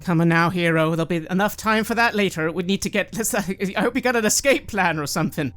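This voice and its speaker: A man's voice: high-pitched, fast talker, fairly bright tone, pitched above the performer's own voice. A man voicing an impatient male fellow prisoner urging haste. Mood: urgent.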